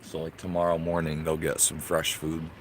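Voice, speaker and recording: A man hosting a casual livestream outdoors, chatting with viewers in a relaxed, talkative way. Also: very deep voice, moderate pace, a little hiss or hum. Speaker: livestream host. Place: outdoors in a yard.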